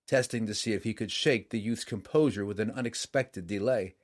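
A man reading a saga aloud in steady, measured scripted narration. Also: lowish voice.

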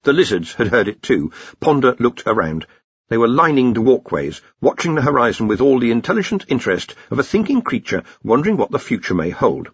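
Lively, husky male audiobook narrator. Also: medium pitch, brisk, dry recording. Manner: expressive storytelling. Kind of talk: scripted narration. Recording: dry, slightly muffled recording.

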